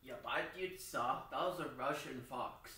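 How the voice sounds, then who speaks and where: A man's voice: medium pitch, measured pace, bright, forceful tone, very echoey, distant mic. A man playing a silly mock teacher, rambling through books aloud with a lot of laughter. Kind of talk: playful mock classroom reading.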